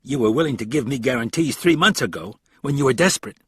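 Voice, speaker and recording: A man's voice: medium pitch, expressive, fast talker, breathy edge, no room sound, pitched above the performer's own voice. A man voicing a smug, wealthy American man with a slight New York accent, speaking in a pointed, edged way.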